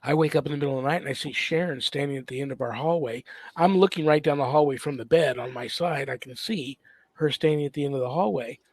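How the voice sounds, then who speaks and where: Hesitant host with a higher male voice. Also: quick pace, a little mellow, husky, dry recording, clean studio sound. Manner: hesitant, many ums and uhs while telling a story. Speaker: host and priest. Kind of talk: casual interview chat.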